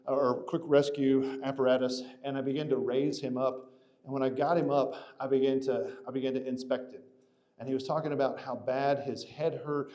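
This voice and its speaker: A man with a mellow, darker voice recounts a story in casual conversation. He rambles, restarts his sentences and fills pauses as he goes, at a middling pitch. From Atlanta area. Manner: animated, rambling with many restarts and fillers.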